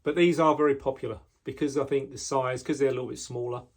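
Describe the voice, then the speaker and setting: A man casually showing the knives he makes, talking in a relaxed way with frequent ums and restarts, indoors in his workshop. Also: mid-range voice, fast. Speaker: knife maker. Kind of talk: casual product walkthrough.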